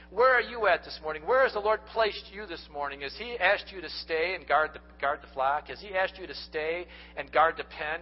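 A pastor preaches to his congregation in an earnest, folksy way, addressing them directly. His voice sits a little high for a man and has a husky edge. The recording is dull and lo-fi, as if captured in a church. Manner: folksy storytelling. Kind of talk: sermon.

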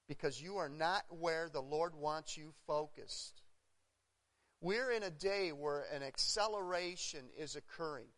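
A middle-aged man with a fairly high voice preaches in earnest to his congregation. He leans on repetition and sharp emphasis. His words ring with the long reverb of a church sanctuary. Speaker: pastor. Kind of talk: sermon.

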